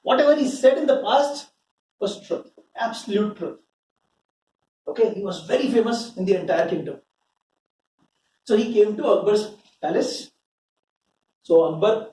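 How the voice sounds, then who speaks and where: A man's voice: sits high, normal speed, pauses often, warm tone. A man with an Indian accent telling a story to his team in a conversational, motivational session. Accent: Indian English. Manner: conversational, checks in with listeners. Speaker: motivational speaker. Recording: roomy sound from far off, faint hum.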